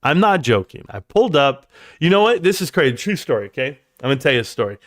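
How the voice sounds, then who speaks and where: A man spins a long story on his livestream with a very lively pitch that leaps up whenever he acts out what someone said. He rambles and then drops into quiet low asides. The sound is close and dry, with no room echo. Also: fast talker. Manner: animated, jumps high in pitch when acting out quotes. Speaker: livestream host. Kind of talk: casual storytelling.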